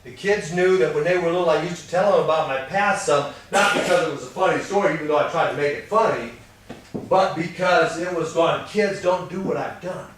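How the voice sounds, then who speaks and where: An older man in his sixties leads a relationship seminar, his voice a touch high for a man. He talks folksy and plain and tells stories from his own life. He sounds far from the mic, in a big echoing room. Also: fairly quick, fairly bright tone, a little hiss or hum. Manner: folksy storytelling, acts out quoted exchanges. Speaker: marriage seminar speaker. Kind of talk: teaching talk to an audience. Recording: distant mic in an echoey room.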